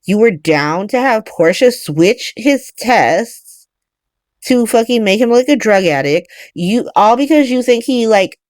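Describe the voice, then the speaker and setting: A woman's voice: on the high side, expressive, unhurried, darkish tone, no echo, studio quality. A young woman recapping soap episodes in casual chat, ranting, swearing and talking straight at the characters. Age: young adult. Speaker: soap opera recap host.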